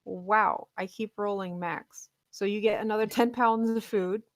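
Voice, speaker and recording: A woman's voice: mid-range voice, fairly even intonation, measured pace, dry recording. A woman running a tabletop game as game master, chatty and laughing often, with plenty of ums.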